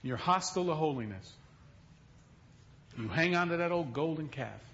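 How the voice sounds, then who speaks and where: A man's voice: on the high side, animated, moderate pace. Man preaching, muffled church recording. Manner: storytelling with acted quotes, swings from loud to hushed. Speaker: pastor. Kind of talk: sermon.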